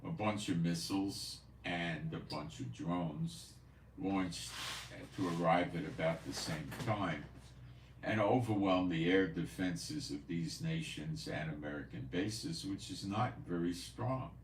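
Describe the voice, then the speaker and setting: A man's voice: low voice, a little slow, roomy sound, far from the mic, a little hiss or hum. A man hosting a prophecy news channel, talking casually and rambling, repeating himself now and then. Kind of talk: casual commentary. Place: home in Israel.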